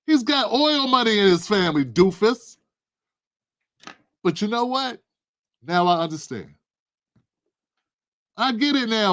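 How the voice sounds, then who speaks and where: A man's voice: sits high, sharp tone. A man hosting his own show, talking straight to his viewers in casual, slangy, emphatic political commentary. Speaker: show host.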